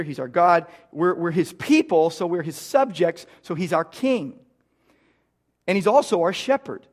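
A middle-aged pastor from the United States preaching a sermon, earnestly repeating key phrases for emphasis. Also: male voice, high-pitched.

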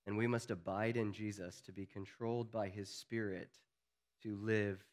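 A man preaching a sermon as pastor, earnest, building to emphatic peaks and then dropping low and quiet. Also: fairly even intonation, moderate pace.

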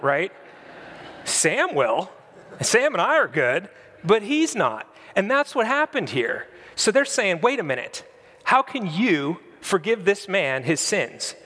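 A man's voice: a little high, fairly bright tone, in a large hall. A man preaching a sermon in a conversational, storytelling way, painting vivid scenes for his congregation in a church. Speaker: pastor.

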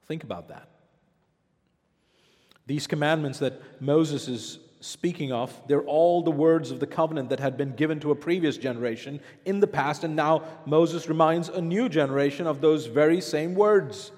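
A man's voice: a little high, moderate pace, a little mellow, long reverb tail. A man preaching a sermon as pastor, asking the congregation rhetorical questions.

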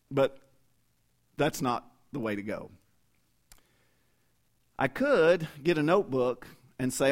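Folksy preacher telling family stories. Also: male voice, mid-range voice, expressive, slow pace, pauses often. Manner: folksy, conversational storytelling with asides to the congregation. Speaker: pastor. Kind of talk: sermon.

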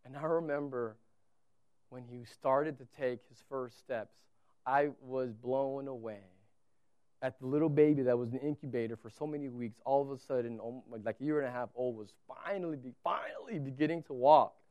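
A man preaching a sermon as a pastor in a church, telling a story with animated, repetitive emphasis. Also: medium pitch, moderate pace, dry recording, muffled recording.

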